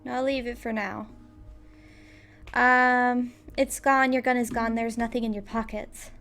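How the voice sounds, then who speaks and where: Creaky-voiced woman playing a game. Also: fairly high pitch, little pitch movement, a little slow, fairly bright tone, faint music behind. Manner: playful, reads game text aloud, swears, laughs often. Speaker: let's player. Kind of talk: casual gameplay commentary.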